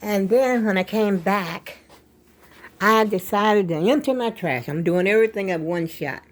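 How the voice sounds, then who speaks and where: A woman's voice: mid-range voice, a little slow. An older woman, chatting casually at home for a vlog, rambling and a bit out of breath. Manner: rambling, chatty, addresses viewers as y'all. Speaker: vlogger.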